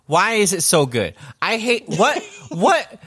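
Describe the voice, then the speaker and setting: A young man in casual chat, excitable and profane, swinging between loud bursts and mumbling. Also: sits high, takes it slowly, husky. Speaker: podcast co-host.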